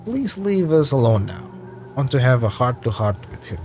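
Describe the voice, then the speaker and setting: A man's voice: mid-range voice, sing-song, moderate pace, music in the background. A man voicing an angry, hurt teenage boy who snaps and threatens in a survival game story. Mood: tense. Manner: tense, snapping, threatening.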